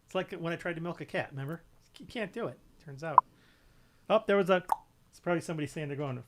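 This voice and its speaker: A man's voice: a little high, quick pace, a bit bright, slight background noise. A man co-hosting a casual live show from home, joking and rambling, often tripping over his words. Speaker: co-host. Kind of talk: casual chat.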